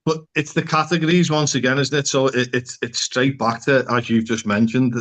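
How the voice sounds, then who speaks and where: An earnest man appears as a psychotherapist guest on a podcast, talking things through casually and posing rhetorical questions again and again. His voice is middle-pitched and fairly bright, with a level tone and a moderate pace.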